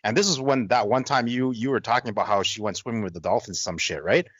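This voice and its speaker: A man co-hosting a podcast, telling a story in casual chat and jumping up in pitch when he quotes people. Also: quick pace, no echo. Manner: animated, swings into high-pitched quoting. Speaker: podcast co-host.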